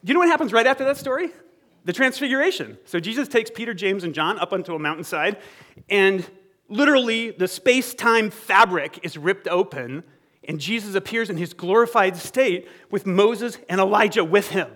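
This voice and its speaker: A man preaching a sermon in an animated, conversational way, acting out quoted dialogue and checking in with the congregation. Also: sits high, moderate pace.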